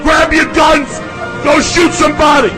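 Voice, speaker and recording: Crude profane shouting man. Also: extremely high pitch, steady tone, measured pace, music in the background. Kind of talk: shouted comedic rant.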